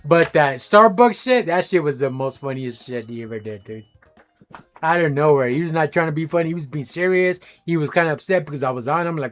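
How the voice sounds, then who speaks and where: A man streaming a game, telling stories in a casual, animated way, full of slang and swearing. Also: on the high side, brisk, soft background music. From Los Angeles area. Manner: animated, slangy, swears freely, laughs loudly. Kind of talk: casual storytelling chat while gaming.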